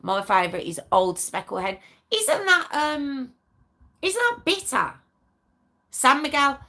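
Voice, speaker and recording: A woman's voice: high-pitched, very animated, slow, pushed and bright. A young woman hosting a true crime livestream, chatting casually with viewers and reading out their comments. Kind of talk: casual live chat with viewers.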